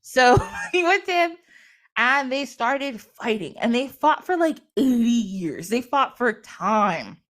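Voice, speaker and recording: Animated woman retelling a myth. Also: fairly high pitch, slow. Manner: animated, laughs often, acts out quotes. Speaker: podcast guest or host. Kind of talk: casual chat retelling a myth.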